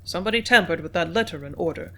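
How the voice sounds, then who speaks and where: A steady, businesslike male manager in an audiobook, measured and composed as he dictates. A reader voices him in a plain reading voice with a middle pitch. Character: business-minded company manager, man.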